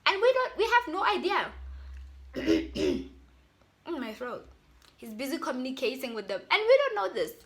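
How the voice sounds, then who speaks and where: Bright high-voiced South African woman. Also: moderate pace, pauses often. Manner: animated, chatty, addresses viewers directly. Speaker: YouTuber. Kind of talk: casual storytime.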